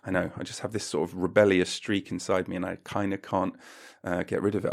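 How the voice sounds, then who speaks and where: Gravelly man ranting in mock-pompous comedy. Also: level tone, a little fast, faint music behind. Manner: mock-pompous, jumps into silly high voices and shouts. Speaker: podcast host.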